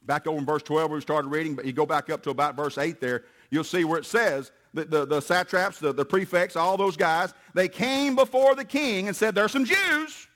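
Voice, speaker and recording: A man's voice: a little high, fairly quick, hardly any pauses, fairly bright tone. A man preaching a sermon in a folksy, emphatic way. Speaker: pastor.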